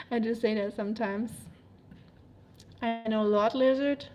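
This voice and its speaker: A woman's voice: a little high, fairly even intonation, slow, darkish tone. A woman with a German accent, a native German speaker, chatting casually on a livestream, rambling with many fillers and frequent laughs. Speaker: livestreamer reading chat.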